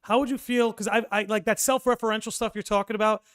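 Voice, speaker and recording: This is a male podcast host with a notably high, smooth and resonant voice. He talks with eager enthusiasm, piling up thoughts before handing the floor to his guest with an open question. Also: steady tone, fast, a bit bright. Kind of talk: casual podcast conversation.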